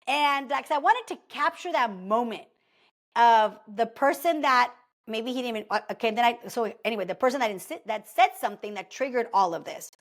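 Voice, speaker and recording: A woman with a slightly high voice talks to her listeners in a casual, motivational way. She keeps the story going with lots of "like" and "okay?", chatty and animated throughout. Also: fairly quick. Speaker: podcast host.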